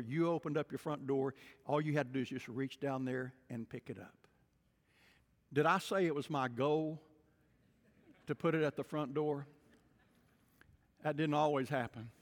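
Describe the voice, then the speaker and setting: A man preaching a sermon as pastor, telling stories and swinging between booming and hushed delivery. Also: in a large hall. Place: church sanctuary.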